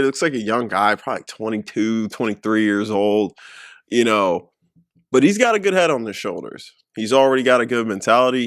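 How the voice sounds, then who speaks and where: A man's voice: medium pitch, dry recording, studio quality. A man hosting a reaction video, talking in casual slang and repeating himself for emphasis.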